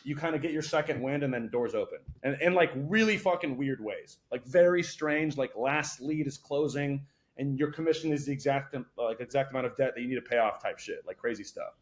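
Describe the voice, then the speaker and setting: A young man, a podcast guest, talking casually and swearing a lot as he tells animated stories. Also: mid-range voice. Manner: fast, profane, animated storytelling.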